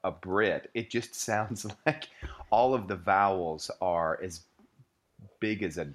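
A man co-hosts a casual book club podcast and speaks in a low voice. He is wry and thoughtful. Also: slow, fairly bright tone.

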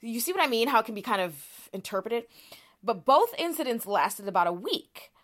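A woman's voice: a little high, big pitch swings, moderate pace. A woman co-hosting a podcast, explaining a topic in casual conversation with frequent fillers and restarts. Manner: chatty, many "like" fillers and restarts. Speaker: podcast co-host presenting research.

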